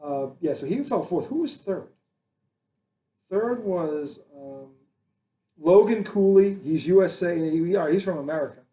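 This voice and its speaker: Animated man talking sports. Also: high-pitched, unhurried. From Boston area. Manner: animated, rambling, jokey, frequent restarts. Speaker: sports talk host. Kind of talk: casual sports chat.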